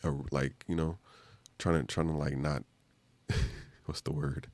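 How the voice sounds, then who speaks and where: A man's voice: extremely low pitch, little pitch movement, unhurried, darkish tone, no room sound. A man hosting a casual live stream, rambling loosely with slang and lots of fillers.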